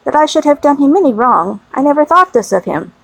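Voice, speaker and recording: A woman's voice: high-pitched, sing-song, brisk, vocal fry, no room sound, heavily acted, rough recording. A woman reading the part of a kind, affectionate young husband, mild and a little puzzled.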